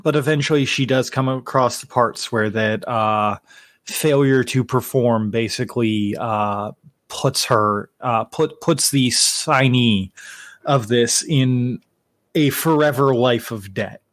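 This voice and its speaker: A man narrating a tabletop game as game master, halting with many fillers and restarts. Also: medium pitch, fairly bright tone, dry recording.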